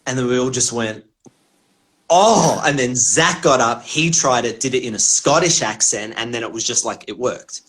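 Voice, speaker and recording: A man's voice: mid-range voice, moderate pace, fairly bright tone, husky. Rambling man telling stories. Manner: rambling, laughing and swearing through anecdotes. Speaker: comedian guest. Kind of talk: casual storytelling.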